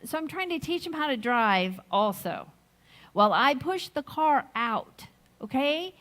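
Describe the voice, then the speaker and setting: A middle-aged woman giving a sermon, slow and reflective, telling a personal story with gentle laughs. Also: high-pitched, very animated. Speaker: speaker at a Sunday service.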